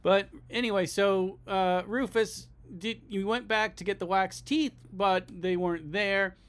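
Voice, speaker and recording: High-voiced man riffing dryly. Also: steady tone, measured pace, fairly bright tone, smooth. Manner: dry, talks himself into ideas. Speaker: comedy podcast regular. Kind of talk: improvised comedy riffing.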